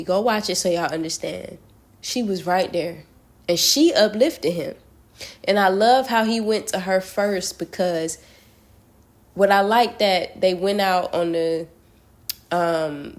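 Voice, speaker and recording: A woman reading tarot, talking relaxed and direct to her viewers in a casual spiritual message, with plenty of slang. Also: medium pitch. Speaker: tarot reader.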